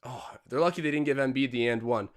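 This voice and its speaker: A young man hosting a live watch-along stream, commentating on a basketball game and getting excitable on big plays. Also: quick pace. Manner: excitable, jumps up in pitch and volume on big plays. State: out of breath. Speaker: livestream host doing game commentary.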